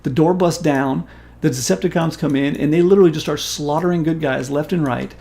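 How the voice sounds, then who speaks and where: Gravelly, animated man telling a story. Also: a little high, brisk. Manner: animated, profane, emphatic storyteller. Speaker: stream host. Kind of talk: casual storytelling chat.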